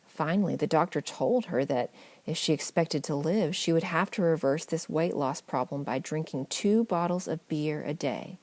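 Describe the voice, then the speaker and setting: A woman narrating a family memoir audiobook in a measured, gently wry storytelling manner. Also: deep voice, no room sound.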